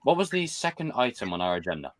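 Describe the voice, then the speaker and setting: A man hosting a casual podcast chat, excited and quick to call people bro and dude. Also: medium pitch. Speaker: podcast host.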